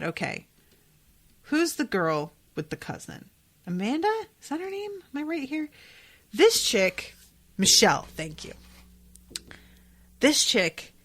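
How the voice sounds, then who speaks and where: Woman podcast host, casual and excitable, loose and sweary reaction commentary. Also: medium pitch. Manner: chatty, excitable, swears freely, many fillers.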